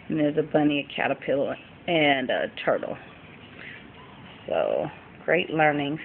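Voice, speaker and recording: Showing off her thrift finds in a casual home vlog, a mom chats with frequent ums. Her very deep voice has lively intonation and a slightly slow pace. The audio is phone-like lo-fi with faint background noise.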